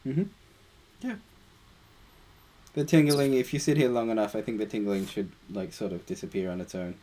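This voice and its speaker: A man leading a group meditation discussion, talking in a relaxed, casual way with playful asides. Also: lowish voice, moderate pace.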